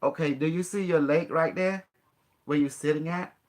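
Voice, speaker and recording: With a fairly high voice at normal speed, a host teaches his guest step by step in a relaxed session, encouraging and instructive, laughing a lot, his grammar that of a non-native speaker.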